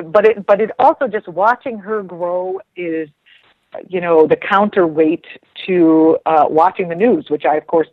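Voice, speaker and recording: A woman's voice: fairly low pitch, dry recording. A woman chatting casually as a guest on a radio talk show, rambling with frequent restarts. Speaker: guest commentator. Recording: dull lo-fi radio sound.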